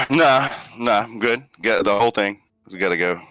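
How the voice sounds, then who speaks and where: A man's voice: fairly low pitch, animated, moderate pace, pushed and bright. A young adult man playing a tabletop game, talking in a brash, joking, profane way. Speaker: player. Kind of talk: casual tabletop chat.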